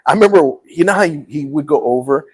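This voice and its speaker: Here the host is a middle-aged man with a slightly high, husky voice who talks fast on a low-quality recording. He's animated on his casual talk show, laughing as he acts out quotes in his story.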